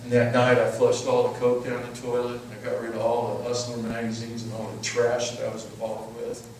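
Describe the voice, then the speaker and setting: A man's voice: medium pitch, fairly quick, slight background noise. Middle-aged guy preaching, storytelling, big echoey room, kinda far from the mic. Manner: storytelling, emphatic, repeats words when excited. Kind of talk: sermon testimony. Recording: echoey hall, mic at a distance.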